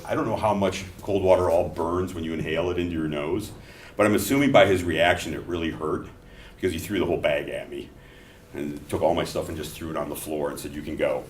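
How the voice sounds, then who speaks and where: Middle-aged male teacher, conversational lecture with anecdotes, heard from the back of a roomy classroom. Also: deep voice. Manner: conversational, telling anecdotes between explanations. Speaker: instructor. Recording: echoey classroom from far off, faint noise.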